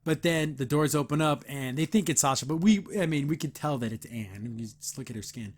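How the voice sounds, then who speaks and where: A man's voice: a little high, a little fast. A man hosting a podcast, casually recapping an episode and acting out the characters' lines. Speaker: podcast host.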